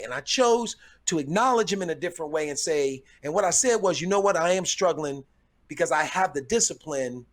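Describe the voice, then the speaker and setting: A middle-aged man comedian, a guest on a podcast, telling stories thoughtfully and repeating words as he gathers his thoughts. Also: fairly high pitch. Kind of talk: casual chat, storytelling.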